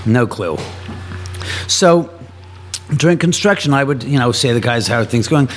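A man's voice: mid-range voice, moderate pace, soft background music. A man telling his house's ghost stories on a live show, acting out the voices of the people he quotes. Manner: animated storyteller, acts out quoted voices. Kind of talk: live podcast storytelling. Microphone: shared studio mic.

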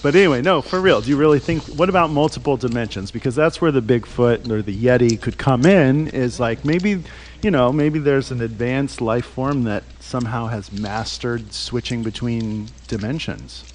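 A man's voice: medium pitch, moderate pace, slight background noise. A man hosting a radio show, chatting loosely in the studio, rambling and laughing as he asks questions. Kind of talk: casual studio chat.

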